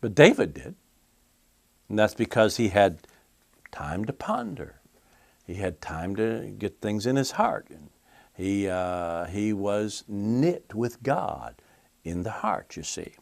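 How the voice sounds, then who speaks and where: A man's voice: fairly low pitch, very animated, slow pace, creaky, darkish tone, no room sound. A male preacher delivering a sermon in a folksy, conversational way, with casual asides to the congregation.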